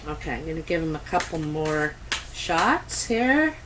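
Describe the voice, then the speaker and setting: A woman's voice: sits low, big pitch swings, measured pace, background noise. A Canadian woman giving a casual tarot reading to camera, chatty and meandering, with many ums and asides. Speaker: tarot reader.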